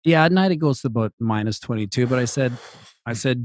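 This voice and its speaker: A man's voice: mid-range voice, quick pace, darkish tone, no echo, clean studio sound. A man as a panel guest in casual chat, telling comic stories in a mock-dramatic way.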